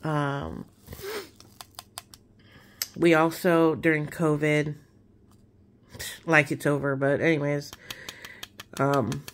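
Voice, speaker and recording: A woman chatting casually while she crafts, relaxed and rambling with many fillers. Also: sits low, a little hiss or hum. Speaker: craft vlogger.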